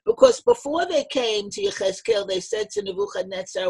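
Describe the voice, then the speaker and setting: Woman, text-study teacher, gravelly voice, husky tone, phrase-by-phrase explanations. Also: medium pitch, moderate pace, hardly any pauses. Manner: reads a source phrase, then explains it; lively retelling with dramatic emphasis. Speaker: Torah teacher.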